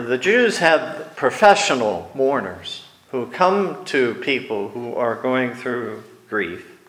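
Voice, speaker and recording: A man preaching a sermon, slow and deliberate, growing animated when he acts out the scene. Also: medium pitch, roomy sound, poor audio.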